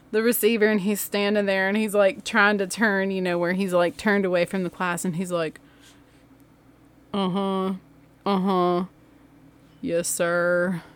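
A woman podcast host and former teacher telling a funny story from her classroom, laughing often. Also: medium pitch. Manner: animated, laughs often, acts out voices. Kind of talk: storytelling monologue. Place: laundry room home studio.

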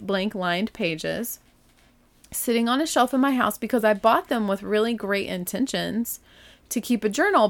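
A woman's voice: medium pitch, a bit bright. A woman hosting her own podcast, talking casually and gushingly with lots of fillers and asides. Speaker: podcast host. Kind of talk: casual solo chat.

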